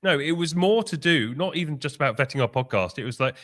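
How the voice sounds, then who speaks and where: A man co-hosting a podcast, blunt and brisk and a little out of breath. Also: a little high, lively intonation, a bit bright. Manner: blunt, brisk, talks over his co-host. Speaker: podcast co-host. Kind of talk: casual podcast chat.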